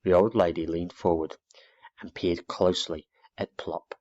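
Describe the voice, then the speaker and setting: A man narrating a children's storybook aloud in an expressive read-aloud manner, dull lo-fi recording. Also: deep voice, a little slow.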